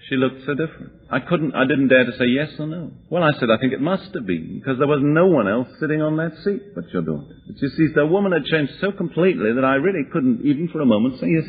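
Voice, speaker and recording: A man's voice: mid-range voice, husky. A man preaching, giving a vivid personal testimony with dry humor. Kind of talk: sermon testimony. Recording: tinny lo-fi tape recording.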